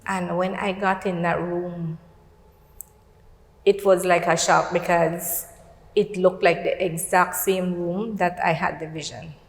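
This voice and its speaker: A woman's voice: lowish voice, fairly even intonation, slow, roomy sound, big-room sound. A middle-aged woman with a Belizean accent telling a personal faith testimony on a talk show, recounting events through quoted dialogue. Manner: earnest, storytelling with quoted dialogue. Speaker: guest.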